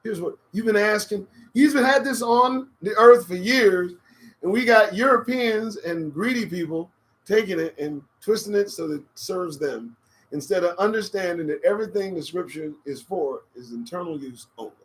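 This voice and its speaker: A man's voice: high voice, normal speed, rough recording. A man hosting a live-stream talk show, rambling in a profane, preachy and emphatic way into a desk condenser microphone. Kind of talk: casual live-stream monologue.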